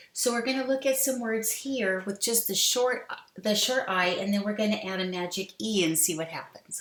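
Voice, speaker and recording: Woman, kindergarten teacher, unhurried phonics delivery, room echo. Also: mid-range voice, fairly bright tone. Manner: slow, sounding out words, sing-song prompts. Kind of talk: phonics lesson to young children. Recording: echoey room.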